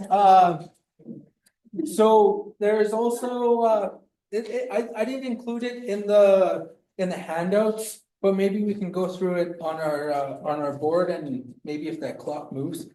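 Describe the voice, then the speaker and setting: A man with a high, mellow voice leads the class at a slow pace, easygoing and joking. He sounds roomy and a bit away from the mic in a classroom. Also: steady tone, recorded from a distance. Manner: easygoing, jokes with class, points at board. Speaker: language instructor. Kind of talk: classroom teaching.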